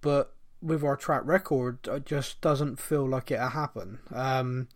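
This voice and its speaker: A man with a Bristolian accent hosts a relaxed podcast, reading listener questions aloud in a medium voice. He laughs easily and pokes fun at himself between questions. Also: mid-range voice, slow pace. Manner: reads listener questions aloud, laughs often, self-deprecating. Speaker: podcast host. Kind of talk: casual podcast chat.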